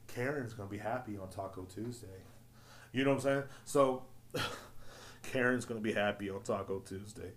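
A man hosting a solo podcast, ranting in a loud, profane, rambling way. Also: on the low side, normal speed, slight background noise. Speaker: podcast host. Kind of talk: casual solo podcast rant.

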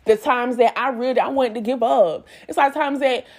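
A woman's voice: a little high, normal speed, darkish tone. A woman, giving herself and her listeners an emphatic, repetitive pep talk in a casual vlog. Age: 20s. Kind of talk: motivational self-talk monologue.

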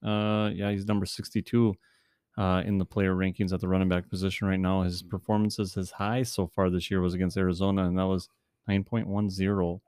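A man's voice: deep voice, little pitch movement, brisk, a little mellow, clean tone, no room sound, clean studio sound. A man casually chatting about fantasy football as a podcast co-host, rambling with many fillers and restarts, and he has the hiccups.

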